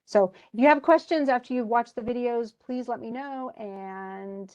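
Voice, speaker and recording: A woman's voice: a little high, moderate pace, a little mellow. Chatty woman teacher retelling a play. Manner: chatty, restarts often, wistful about the tragedy. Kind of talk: casual lecture retelling a play.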